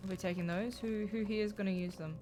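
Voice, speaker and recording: A young woman streaming a game and reacting out loud, jumpy and profane, shrieking and laughing at scares. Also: mid-range voice, steady tone, fast talker, soft background music. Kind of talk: live let's-play commentary.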